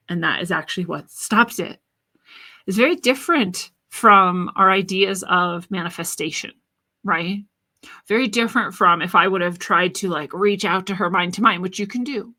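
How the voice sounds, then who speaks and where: A woman's voice: medium pitch, pushed and bright. A woman podcast host telling a personal story in an earnest, reflective monologue about spirituality.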